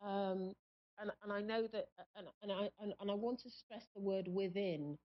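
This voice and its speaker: A woman hosting a live call-in psychic reading on the radio, speaking in a halting, searching way with many pauses. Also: mid-range voice. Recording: muffled lo-fi stream audio.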